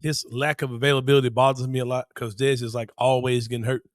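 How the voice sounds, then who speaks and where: A man co-hosting a sports podcast in casual chat, slangy and quick to laugh. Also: medium pitch, flat delivery, no room sound, studio quality. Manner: slangy, laughs often, says bro. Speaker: podcast co-host.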